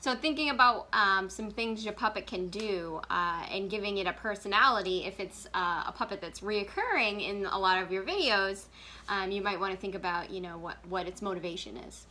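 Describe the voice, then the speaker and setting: A woman's voice: mid-range voice, a little fast, sharp tone. A woman working as a children's librarian, giving a casual, chatty craft tutorial and laughing often. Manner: chatty, giggly, full of fillers.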